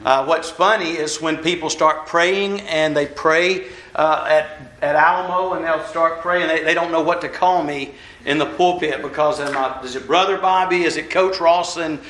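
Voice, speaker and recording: Pacing around an echoey church hall, this man preaches in a folksy, self-mocking way, keeping it conversational. His voice sits on the high side, a bit bright and steady, moving at normal speed with hardly any pauses.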